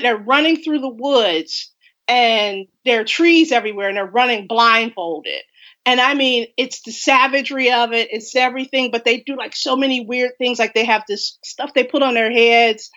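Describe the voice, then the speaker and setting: A woman's voice: on the high side, a bit bright, lo-fi sound. A woman horror writer speaking from home in an effusive, rambling, casual interview chat.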